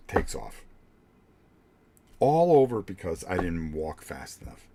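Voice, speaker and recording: An older man hosting a vlog, telling a blunt, profane story in a casual, animated way with many restarts. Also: low-pitched, takes it slowly, pauses often, a little hiss or hum. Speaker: vlog host.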